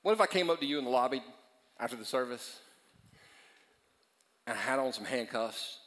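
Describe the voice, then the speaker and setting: A man preaching a sermon in a church auditorium, repeating phrases for emphasis and swinging between loud stretches and hushed ones. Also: medium pitch, animated, a little fast, long reverb tail. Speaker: pastor.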